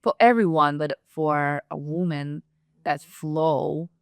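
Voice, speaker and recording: Smooth-voiced woman host, gently halting. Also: sits low, steady tone. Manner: supportive, gentle, halting phrasing. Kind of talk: casual conversational interview.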